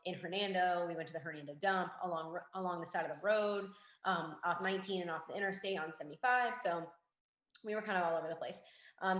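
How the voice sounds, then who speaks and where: A young woman, a forensic investigator, telling a story in a casual interview and acting out the quoted dialogue in a lively way. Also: fairly low pitch. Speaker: guest, forensic investigator and K9 handler. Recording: roomy echo.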